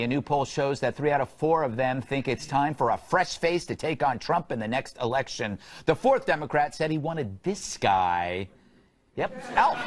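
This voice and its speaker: Lively, high-pitched joking male host. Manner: quick, jokey, playful. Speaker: late-night talk show host. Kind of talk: comedic monologue and panel banter. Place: TV studio with live audience.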